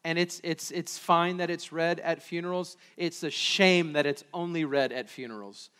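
A man preaching a sermon as pastor in a church, moving from quiet prayer to loud, emphatic preaching. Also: fairly high pitch, steady tone, normal speed, clear, resonant tone. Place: church sanctuary. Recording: long hall reverb.

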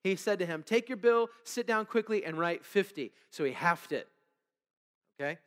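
In a church sanctuary with long hall reverb, a male pastor delivers a conversational sermon at a moderate pace, his high-pitched voice expressive and fairly bright. He reads scripture aloud, asks the congregation to fill in words, and checks in with "okay?" and "all right?".

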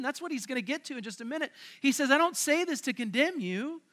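Bright, high-voiced preacher man. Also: expressive, fast, few pauses. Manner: conversational and emphatic, with rhetorical questions to the crowd. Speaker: pastor. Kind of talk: sermon. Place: church service.

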